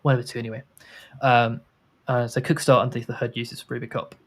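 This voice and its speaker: Man hosting a livestream, mid-pitched, casual, rambles and restarts often, video-call sound. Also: little pitch movement, fast. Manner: rambling with many restarts and fillers. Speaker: host.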